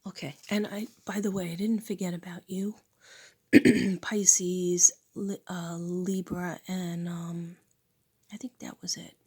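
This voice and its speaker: A middle-aged woman speaks in a hoarse, breathy half-whisper because she is losing her voice. She talks slowly and gently, with a slightly low tone, and repeats spiritual affirmations in a soft, unhurried way. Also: level tone. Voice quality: breathy, husky. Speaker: spiritual teacher and channel host. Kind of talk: slow casual spiritual talk with affirmations.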